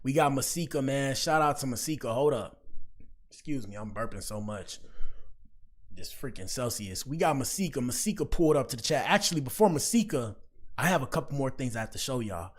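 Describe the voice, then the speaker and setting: A man's voice: medium pitch, lively intonation, a little fast. A man talking casually to his chat as a livestream commentary host, rambling and slangy. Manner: rambling, slangy, addresses chat often with "bro".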